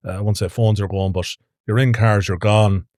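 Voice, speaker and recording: An Irish man, a podcast co-host, talking quickly and reflectively in casual chat with plenty of fillers. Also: on the low side, steady tone, darkish tone, dry recording, studio quality.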